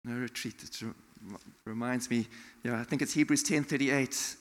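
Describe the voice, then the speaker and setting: A man from South Africa preaching a sermon in a church, animated, acting out quotes and laughing often. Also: medium pitch, normal speed. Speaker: pastor. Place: church hall. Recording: long hall reverb.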